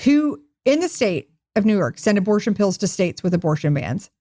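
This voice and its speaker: A woman's voice: medium pitch, moderate pace, dry recording. A woman co-hosts a casual podcast, recapping news with sarcasm and jokes. Her voice sits in a middle range and the recording is dry and close. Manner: animated, sarcastic storytelling with jokes. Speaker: podcast co-host. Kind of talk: casual comedic chat.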